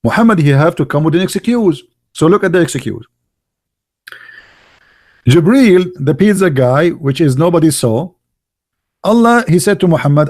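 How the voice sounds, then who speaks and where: A man's voice: a little high, animated, normal speed, pauses often, a little mellow. A man giving a mocking polemical monologue, full of rhetorical questions and broken grammar. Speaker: religious commentator.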